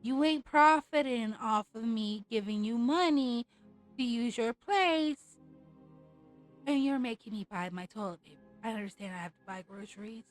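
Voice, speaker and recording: A woman's voice: a little high, normal speed, faint music behind, rough recording. A woman streamer ranting in a casual, blunt and profane way over a live game stream.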